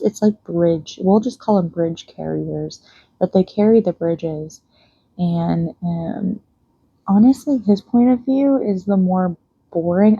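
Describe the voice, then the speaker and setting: Gravelly husky young woman, rambling casually. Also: on the low side, warm tone, no room sound, muffled recording. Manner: rambling and chatty, with many fillers and trailing restarts. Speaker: book vlogger. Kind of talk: casual chat while reading and painting nails. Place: at home.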